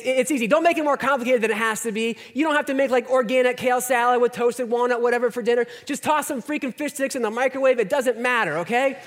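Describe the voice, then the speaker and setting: A man in his thirties preaching a conversational, self-deprecating sermon, often dropping to a near-whisper for emphasis. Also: extremely high pitch. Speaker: pastor. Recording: long hall reverb.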